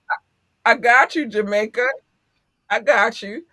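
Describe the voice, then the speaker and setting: A woman's voice: fairly high pitch, unhurried, very noisy. Effusive, laughing woman podcast host. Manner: effusive, affectionate, laughs often. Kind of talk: casual podcast chat.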